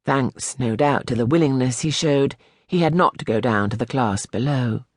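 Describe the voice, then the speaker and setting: Measured male audiobook narrator, dry sound. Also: mid-range voice, no echo. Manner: measured, expressive storytelling. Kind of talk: scripted literary narration.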